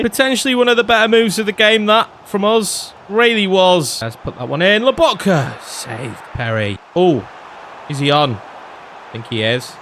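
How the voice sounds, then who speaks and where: A man's voice: fairly high pitch, a little hiss or hum. A young man, commentating his own football video game and ranting in frustration. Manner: animated, exasperated ranting. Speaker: gaming YouTuber. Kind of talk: gameplay commentary.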